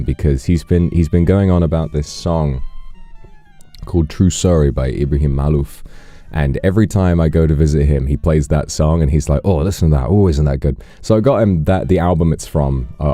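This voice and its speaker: A man's voice: very deep voice, dark tone, dry recording. A man hosting a casual live stream, rambling through anecdotes and thanking donors. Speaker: livestream host.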